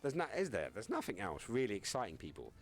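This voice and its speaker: A man's voice: fairly low pitch, huge pitch swings, fast, soft background music. A young man streaming live, chatting casually with viewers, reading chat aloud and joking around. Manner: rambling, joking, reads chat aloud and laughs often.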